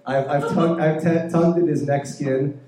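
A man chats as a podcast guest, rambling and restarting his sentences, quick to poke fun at himself. He sounds roomy, with a faint hiss behind him. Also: a little high, steady tone, dark tone. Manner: rambling, halting, self-deprecating. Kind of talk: casual chat.

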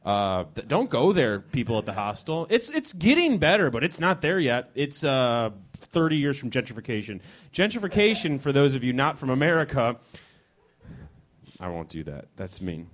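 A man's voice: mid-range voice, sing-song, normal speed. A man from Chicago doing a rambling stand-up set in a hostel lounge, teasing the audience and often restarting his sentences. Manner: rambling, teasing the crowd, frequent self-interrupting restarts. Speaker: comedian performing for a small live audience. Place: hostel lounge, leaning on a leather couch.

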